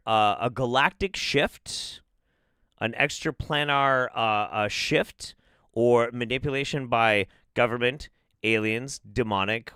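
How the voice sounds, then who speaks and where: A man's voice: medium pitch, pushed and bright, clean tone, no echo, studio quality. A man hosting a casual livestream, sarcastic, swearing and laughing often. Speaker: host.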